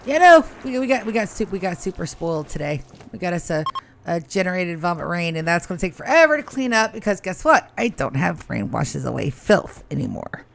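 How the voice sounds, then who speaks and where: A woman's voice: fairly low pitch, sing-song, brisk, vocal fry, slight background noise. A woman giving live gameplay commentary on a stream, chatty and playful, rambling with fillers as she goes. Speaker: game streamer.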